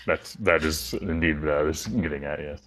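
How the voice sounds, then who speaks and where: Very deep-voiced man with dry formal wit. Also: moderate pace, a bit bright. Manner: dry, formal in-character phrasing. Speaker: player. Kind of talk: playing a character in a tabletop game.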